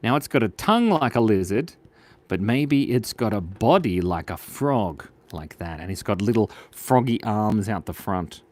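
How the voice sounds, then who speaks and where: Chatting and cracking jokes with his young audience while he draws, this Australian stream host keeps things playful. His voice is fairly low and darkish, animated, and moderately paced.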